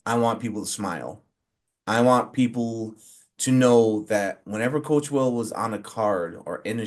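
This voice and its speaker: A forty-year-old man, a wrestler and referee, speaking as an interview guest in a casual way, full of fillers and acting out quotes as he tells stories. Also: lowish voice. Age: 40s. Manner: animated storyteller who acts out quotes, many fillers.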